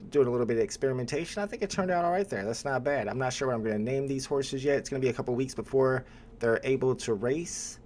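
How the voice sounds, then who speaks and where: A man hosting a live stream, chatting casually with viewers and pausing often with "uh" as he talks. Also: mid-range voice. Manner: relaxed, chatty, with frequent "uh" pauses.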